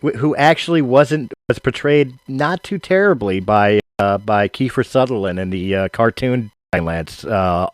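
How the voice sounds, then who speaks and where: A man's voice: medium pitch, animated, moderate pace, hardly any pauses, no echo. A man hosting a podcast, chatting in an enthusiastic, casual way and laughing often. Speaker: podcast host. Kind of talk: casual interview chat.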